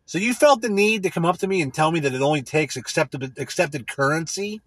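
A man ranting comedically, rambling and swearing, full of fillers, swinging between loud bursts and mutters. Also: on the high side, brisk, few pauses, breathy edge, no echo. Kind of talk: profane comedic rant.

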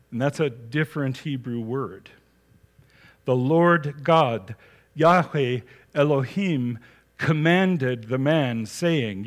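A man preaching a sermon, reading scripture aloud and then explaining it with emphasis. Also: medium pitch.

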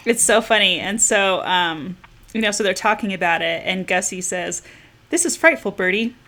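A woman with a bright, forward voice talks through a funny novel with friends. She is lively and chatty, and often slips into put-on voices for the passages she reads out. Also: lowish voice, normal speed. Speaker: book club member. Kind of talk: casual book chat.

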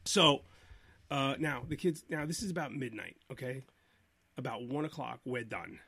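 A man's voice: mid-range voice, moderate pace, creaky, bright, forceful tone, a little hiss or hum. A middle-aged man co-hosting a live podcast, telling rambling family stories full of fillers and restarts. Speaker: podcast co-host. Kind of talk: casual chat, live stream.

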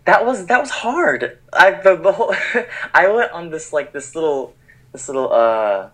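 Bright-voiced Texan guy chatting. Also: fairly high pitch, expressive, a little slow, low-quality recording. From Texas, USA. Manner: laid-back, laughs often, lots of fillers. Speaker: guest. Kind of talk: casual podcast chat.

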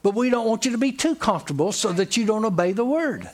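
High, lively-voiced man preaching. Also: fast. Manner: emphatic, repetitive and folksy. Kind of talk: sermon.

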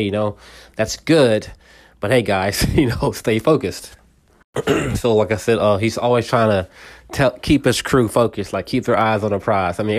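A man hosting a casual solo podcast, retelling a movie scene in a rambling way with many repeats. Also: on the low side. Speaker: podcast host.

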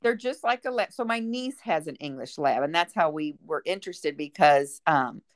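Chatty middle-aged woman, lowish voice. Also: expressive, moderate pace, no echo, studio quality. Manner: chatty, rambling with many fillers. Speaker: guest. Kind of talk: casual chat.

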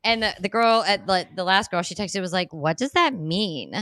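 A woman co-hosting a podcast, chatting casually as an animated storyteller who swears freely and laughs often. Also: medium pitch, moderate pace, no room sound, clean studio sound. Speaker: podcast co-host; mother of a young daughter. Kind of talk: casual chat.

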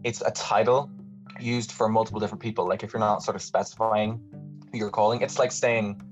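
An Irish man chatting as a podcast guest, quick and animated, often restarting mid-sentence. His voice sits low. The audio is dull and lo-fi, with faint music underneath. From Ireland. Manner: animated, talks fast with many restarts. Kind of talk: casual podcast chat.

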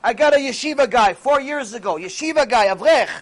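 A man's voice: very high voice, expressive, a little fast. A man giving a Torah lecture as a religious teacher, speaking emphatically and answering his own rhetorical questions.

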